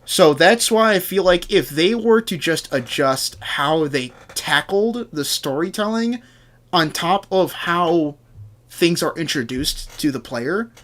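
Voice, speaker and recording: A young male streamer with a voice pitched a touch above the usual for a man, talking on his stream microphone. He rambles in a loose, casual way, swears through nearly every sentence, and keeps breaking into quick mock voices for the people in the game. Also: lively intonation, a bit bright. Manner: rambling, swears constantly, acts out game characters in quick asides. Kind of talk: casual livestream game commentary.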